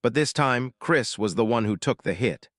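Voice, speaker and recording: A man reading scripted narration in an even, matter-of-fact way. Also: mid-range voice, moderate pace, dry recording, studio quality.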